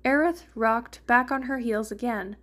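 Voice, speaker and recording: A woman's voice: a little high, a little slow, fairly bright tone. A woman reading a fan fiction story aloud, narrating and lightly voicing the characters. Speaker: fanfiction reader.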